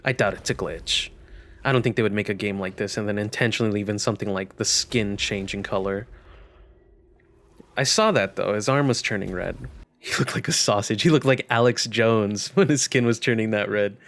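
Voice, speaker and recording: A man's voice: on the low side, a little fast, a bit bright. A young man giving casual let's-play commentary, wry and joking as he thinks aloud. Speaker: gaming channel host.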